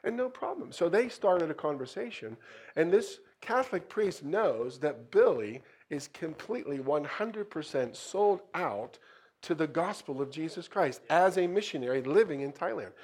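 Animated middle-aged preacher man. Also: a little high, normal speed, breathy edge. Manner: animated, swings into louder bursts. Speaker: missionary pastor. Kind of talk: sermon storytelling.

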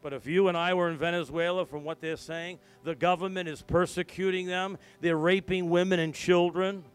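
A middle-aged male pastor delivers a sermon in a fairly high, smooth, steady voice at a moderate pace. He tells a story in hushed tones, then rises to loud, emphatic calls, with soft music faintly behind him.

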